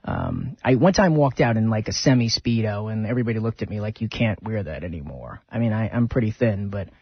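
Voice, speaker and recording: A man's voice: on the low side, fairly quick, breathy edge, dry recording. Rambling male radio host, dull sound. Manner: rambling, chatty, retells film scenes. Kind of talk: casual radio talk.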